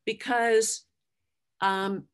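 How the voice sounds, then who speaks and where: A woman's voice: fairly high pitch, steady tone, drawn-out words, clear, resonant tone. A middle-aged woman giving a conversational Bible teaching, acting out the lines she quotes.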